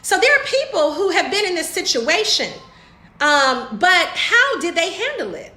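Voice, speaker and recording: Woman, motivational coach, bright high voice, echoey room. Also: big pitch swings, unhurried. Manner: preachy, emphatic, addresses viewers as y'all. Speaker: home business coach. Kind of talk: motivational talk to camera.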